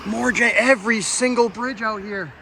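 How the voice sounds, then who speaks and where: Heard through a phone camera in a noisy outdoor setting, a man with a high-pitched, steady voice and some vocal fry narrates at a moderate pace. He's a vlogger walking around old bridges, exclaiming in wonder to his viewers, swearing here and there, and sometimes winded.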